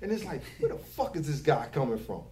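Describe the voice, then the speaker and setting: A man's voice: on the high side, big pitch swings, a little fast, dark tone. A young man, a barber giving advice to new barbers in casual, profane chat, repeating his catchphrases. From Philadelphia. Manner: loose, swearing, repeats catchphrases.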